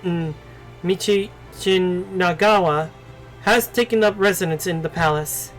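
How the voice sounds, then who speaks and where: Courteous court lady in a game, read by a man; high, slow, hesitant delivery. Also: rough recording. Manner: reads slowly with frequent hums. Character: polite, cautious female court lady guide.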